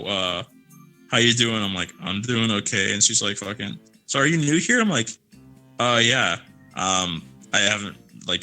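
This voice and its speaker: A man's voice: lowish voice, bright, forceful tone, low-quality recording. A young man co-hosting a podcast, telling a rambling, swear-filled story in casual chat. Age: young adult. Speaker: podcast co-host.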